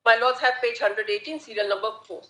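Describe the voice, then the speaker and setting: A woman advocate with an Indian English accent making a formal, measured argument in court, deferentially addressing the bench. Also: a little high, sharp tone. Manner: measured, deferential, repeatedly saying "my lords". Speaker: advocate arguing a case. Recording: echoey courtroom audio.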